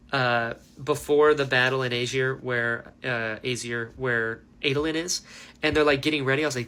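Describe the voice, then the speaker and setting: A man giving a casual, animated book reaction, ranting with lots of fillers. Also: a little high. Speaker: book reviewer.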